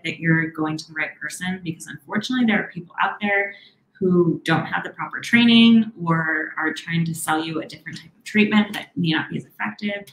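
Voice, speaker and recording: A woman therapist answering viewer questions on a live stream, encouraging and reassuring, often speaking quickly and then slowing herself down. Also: on the low side, echoey room, slight background noise, rough recording. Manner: warm, encouraging, talks fast and slows herself down.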